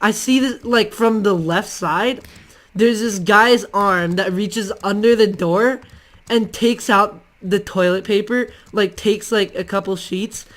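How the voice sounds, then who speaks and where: A man's voice: sits high, slow, a bit bright. A male channel host telling casual stories to the camera in a rambling, hesitant way, full of ums and restarts.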